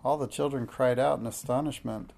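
A man reading a children's storybook aloud in a warm, measured storytelling manner. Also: medium pitch, fairly even intonation, gravelly. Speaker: narrator.

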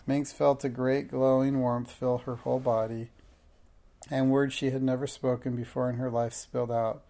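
A man's voice: medium pitch, little pitch movement, moderate pace. A man reading a children's storybook aloud, giving the characters light voices. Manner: gentle, reads children's dialogue with light voices. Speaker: narrator.

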